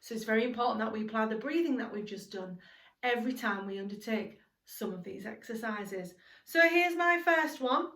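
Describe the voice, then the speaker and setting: A woman teaching a singing lesson to young children, encouraging and speaking slowly and clearly. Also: on the high side, expressive, bright, forceful tone. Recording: roomy sound from a distance, music behind.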